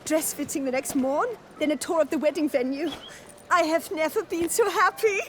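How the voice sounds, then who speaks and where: A woman's voice: sits high, normal speed, a bit bright, a little hiss or hum. An actress playing a joyful young bride-to-be in a video game, speaking formally and gushing about her plans.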